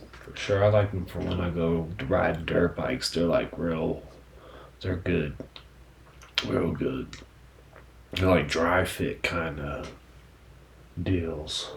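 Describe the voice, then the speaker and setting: A man with a fairly low voice talks through a loose, profane solo podcast monologue, rambling from point to point. He drops filler phrases nonstop and swears freely. A faint hiss of background noise sits under the voice. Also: creaky, a little mellow. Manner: frequent "you know what I'm saying" fillers. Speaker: podcast host.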